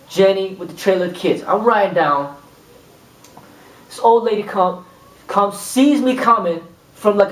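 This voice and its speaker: A man with a fairly high voice gives a loose, rambling kung fu lesson and acts out little exchanges as he goes. He sits well back from the microphone. The room around him rings with echo. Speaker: kung fu instructor. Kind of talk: informal spoken lesson. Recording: echoey room, mic far off.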